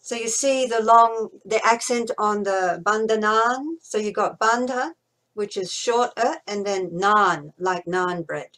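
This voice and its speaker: A woman instructor teaching mantra pronunciation, chanting syllables slowly and carefully. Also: medium pitch, fairly bright tone.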